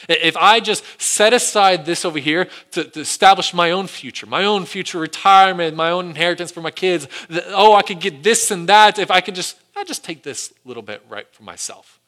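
A man's voice: sits high, fairly quick, bright, forceful tone, voice pushed up. A man voicing a greedy, scheming man who talks himself into petty theft with eager, wheedling self-talk.

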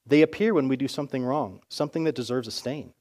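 A man voicing a small, weary stained boy who pleads earnestly and stammers when excited. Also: mid-range voice, fast talker, lightly acted. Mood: pleading.

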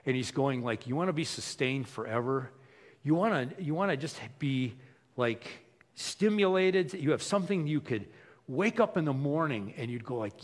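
A man's voice: mid-range voice, animated, moderate pace. A man preaching in a casual, conversational way, acting out little quoted voices as he tells stories. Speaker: pastor. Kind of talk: casual sermon.

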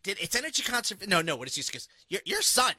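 A man casually telling a story and reading comments, animated and profane, with many restarts and laughs. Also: high-pitched, fast, husky, no echo.

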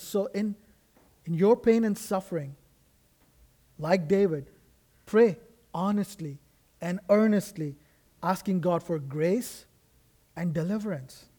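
A man's voice: high-pitched, measured pace, long pauses, warm tone. A man preaching a sermon as a guest pastor in a church, earnest and emphatic, with frequent restarts. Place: church sanctuary.

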